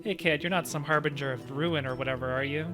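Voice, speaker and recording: A man's voice: on the high side, fairly even intonation, close to an everyday voice. Man doing a chatty, careful sidekick, hedging, over game music. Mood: persuading. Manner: quick, wordy reasoning with hedging fillers. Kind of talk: reading game dialogue aloud. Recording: game music playing behind.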